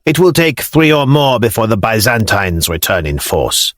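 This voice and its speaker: A man doing a deep-voiced Norman lord. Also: big pitch swings, moderate pace, fairly bright tone, dry recording, studio quality. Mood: friendly, decisive. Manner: blunt, commanding.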